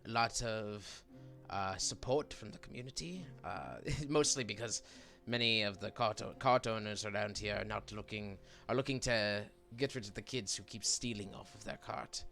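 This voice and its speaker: A man running a tabletop game on a stream. His voice is bright and forward, and he talks in halting bursts full of restarts. Soft music plays underneath. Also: fairly low pitch, creaky. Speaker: dungeon master.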